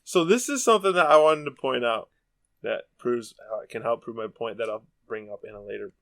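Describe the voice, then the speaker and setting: A man's voice: medium pitch, brisk, vocal fry, a bit bright. A man hosting a casual book podcast, rambling and laughing a lot as he talks. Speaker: podcast host.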